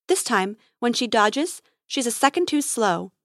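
A woman with a fairly high voice reads a children's space adventure aloud. Her delivery is lively and expressive. The sound is dry and close to the mic. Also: unhurried, no echo. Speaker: storyteller. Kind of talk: narrating a children's adventure story.

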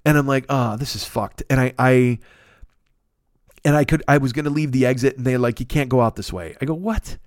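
A man telling a comic story in a podcast, animated and profane, acting out the people he quotes. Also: mid-range voice, a little fast, smooth, no echo, studio quality. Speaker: podcast host.

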